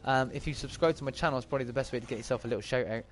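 Racing along at medium pitch, the Bristol game streamer talks his way through play and answers his chat in a chatty, accented manner. A little hiss or hum runs under the audio.

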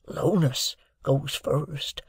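Old convict, slow and husky, hoarse hush; narrator voices him. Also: male voice, medium pitch, dry recording, studio quality, exaggerated voice. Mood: hushed, pleading. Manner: coarse dialect, hoarse hushed urgency. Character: rough older male convict, fiercely devoted.

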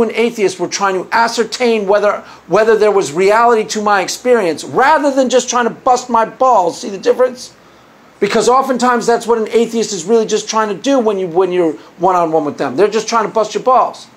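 A man hosting his own video as a Christian apologist, arguing his case in a sarcastic, combative monologue with frequent restarts. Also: high voice. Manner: argumentative, sarcastic, mocks opponents' views; repeats and restarts phrases. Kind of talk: opinionated monologue to camera.

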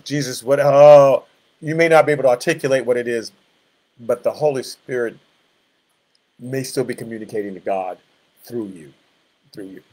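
A man's voice: medium pitch, slightly rough. Man, 60s, pastor, easygoing Bible-study teacher, reflective, meandering asides. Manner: conversational, reflective, rambling asides.

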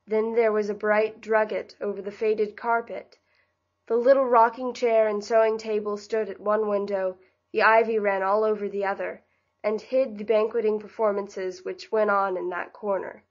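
A woman reading a classic novel aloud as an audiobook narrator, in an even, gentle storytelling manner. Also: medium pitch, normal speed, lo-fi sound. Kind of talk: scripted narration.

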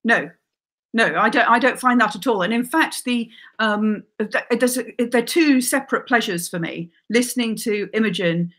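A woman's voice: a little high, moderate pace. Enthusiastic woman writer chatting. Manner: enthusiastic, lively storyteller. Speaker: crime writer guest. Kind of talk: casual chat.

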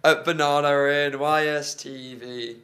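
A man's voice: a little high, steady tone, unhurried, fairly bright tone. A young man co-hosting a comedy show, bantering and singing song lines to a ukulele. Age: young adult. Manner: playful, sings lines to a ukulele. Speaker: co-host. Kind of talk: comedic banter while songwriting.

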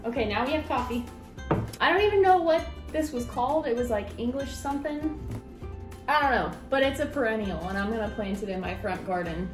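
With music playing underneath, a young woman from the United States vlogs casually as she gardens around her home and yard. In her twenties, she is bubbly and rambling, her voice on the high side and fairly quick.

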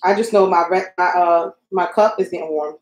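With a lowish, steady voice moving fairly quickly, a young woman live streams casually from her home craft room, crafting while addressing viewers. She's flustered and pokes fun at herself, and the recording carries a roomy echo.

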